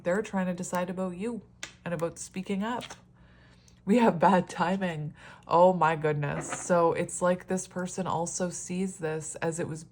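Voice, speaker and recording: A woman's voice: on the low side, darkish tone, a little hiss or hum. A woman in a casual solo tarot reading, chatty and rambling, often laughing and exclaiming at the cards. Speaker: tarot reader.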